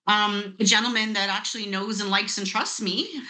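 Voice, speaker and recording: A woman in her fifties, a network marketing guest, telling a lively story with laughs over a video call. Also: medium pitch, normal speed.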